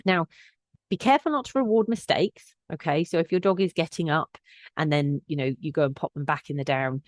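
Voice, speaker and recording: A woman's voice: low voice, a little fast, no echo. A woman with a chatty teaching manner, hosting a dog-training podcast and giving advice with plenty of fillers and restarts. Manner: chatty, with frequent fillers and restarts, lively when acting out quotes. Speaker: collie behaviour specialist and podcast host. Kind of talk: casual instructional podcast talk.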